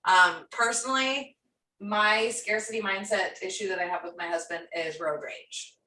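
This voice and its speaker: A woman business coach teaching in a casual workshop, an animated storyteller who acts out the voices in her stories. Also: medium pitch, normal speed, slight background noise. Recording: roomy sound from a distant mic.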